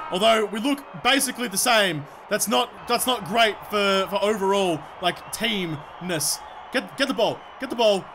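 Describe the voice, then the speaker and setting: Young man, Australian accent, very high voice, bright tone, rowdy gameplay commentary, frequent shouting. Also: slight background noise. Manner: shouts and cheers at the game, cheeky jokes. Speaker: gaming video creator.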